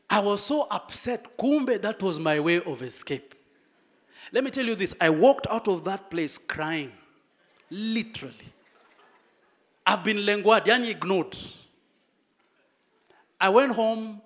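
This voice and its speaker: A man preaching a sermon, telling a story with dramatic pauses and lively emphasis. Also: sits high.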